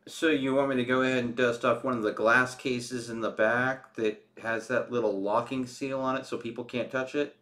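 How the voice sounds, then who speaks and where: A man's voice: mid-range voice, steady tone, normal speed, hardly any pauses, a bit bright. A man playing an online tabletop game, talking casually and rambling with fillers. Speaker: player.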